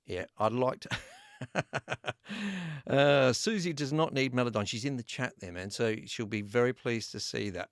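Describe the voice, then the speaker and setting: A man's voice: medium pitch, moderate pace, pauses often, no echo, clean studio sound. An Australian man hosting a live giveaway stream, chatting casually, laughing often and reading out names from the chat. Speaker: YouTube host running a live giveaway.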